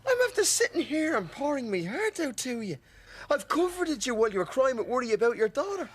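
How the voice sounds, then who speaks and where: An actor playing a young Irish man in a TV soap drama, easygoing and quick to indignation. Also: low-pitched, gravelly, slightly rough, exaggerated voice. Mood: indignant. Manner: animated, rises sharply when angered.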